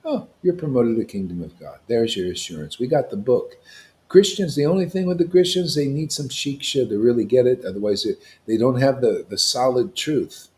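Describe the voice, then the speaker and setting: A man preaching to a devotional gathering, emphatic and confrontational, with casual slang, swinging between loud declarations and hushed asides. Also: medium pitch, expressive, a little fast. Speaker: spiritual teacher at a devotee gathering. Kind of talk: impassioned devotional sermon.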